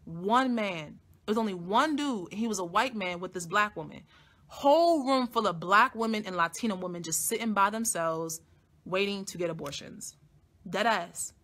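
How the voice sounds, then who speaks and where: Bright-voiced, blunt, profane woman storyteller. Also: medium pitch, moderate pace. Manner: blunt, heavily profane, emphatic; animated, swings from soft to loud. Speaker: live stream host. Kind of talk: casual storytelling monologue.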